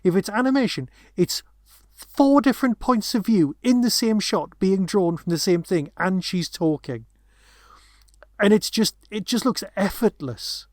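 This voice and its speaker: A man co-hosts a podcast, chatting casually about a film and rambling with lots of restarts and asides. His voice sits high with lively intonation, a little slow and a little mellow. The studio sound is clean, with no echo.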